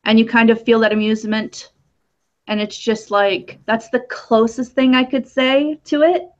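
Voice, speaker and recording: A woman chatting casually as a guest, rambling and halting, with lots of fillers. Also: on the high side, fairly even intonation. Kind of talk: casual chat. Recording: dull lo-fi audio.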